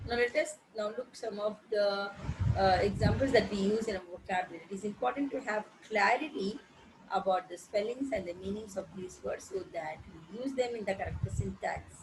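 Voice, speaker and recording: A woman's voice: medium pitch, fairly quick. Woman, English teacher, spells words letter by letter, hesitant with fillers, noisy recording. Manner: hesitant, with frequent fillers and self-corrections. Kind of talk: recorded vocabulary lesson.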